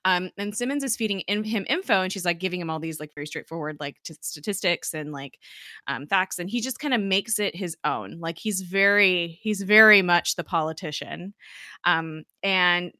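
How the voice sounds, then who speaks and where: Chatty woman with a bright voice. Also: fairly low pitch, no echo, clean studio sound. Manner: chatty, laughs often, acts out lines in quick quotes. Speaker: podcast host recapping an episode. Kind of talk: casual recap chat.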